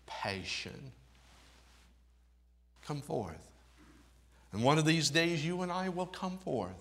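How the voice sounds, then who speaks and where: A man preaching a sermon, reading scripture in old-fashioned wording and swinging between soft, low phrases and raised, emphatic ones. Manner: reads scripture aloud in King James wording.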